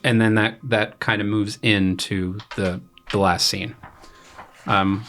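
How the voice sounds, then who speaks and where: With a fairly low pitch and a slow delivery, this young composer, a graduate student, explains his opera in an easygoing podcast chat. Faint music is audible behind him, and he uses many fillers and paraphrased quotes.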